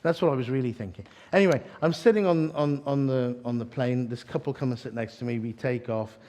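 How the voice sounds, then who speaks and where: Chatty preacher telling stories. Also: male voice, medium pitch, fairly quick, warm tone. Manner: chatty, self-deprecating humor, frequent restarts. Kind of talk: storytelling sermon. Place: church evening gathering.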